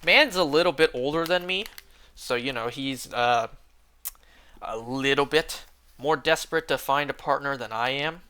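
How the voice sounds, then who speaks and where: Bright-voiced young man ranting casually. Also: medium pitch, moderate pace, smooth. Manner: rambling, profane storytelling with many fillers. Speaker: streamer. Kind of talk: casual chat while gaming.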